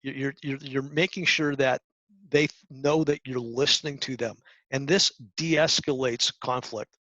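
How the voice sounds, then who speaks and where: A middle-aged man giving a talk to high school students, coaching earnestly with restarts and acted-out examples. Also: fairly even intonation, a little slow, bright, forceful tone, no echo. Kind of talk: presentation talk. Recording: dull lo-fi sound.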